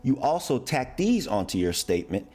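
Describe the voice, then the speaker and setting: A man's voice: medium pitch, very animated, normal speed, dark tone, husky. A man from the United States explaining slang in a casual, playful way, acting out example phrases. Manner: playful, acts out example phrases in shifting voices. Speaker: YouTuber explaining American slang.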